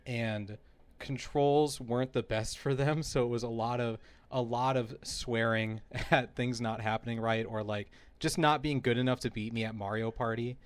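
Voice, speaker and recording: Podcast co-host, male, mid-pitched voice, chatty, tells stories with laughter. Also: moderate pace, smooth, dry recording. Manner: animated storyteller who laughs mid-story. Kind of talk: casual chat.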